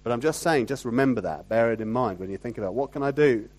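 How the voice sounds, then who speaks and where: A man preaching a sermon in a conversational way, often asking rhetorical tag questions and swinging from loud emphasis to quiet asides. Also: mid-range voice, lively intonation, fast talker. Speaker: pastor.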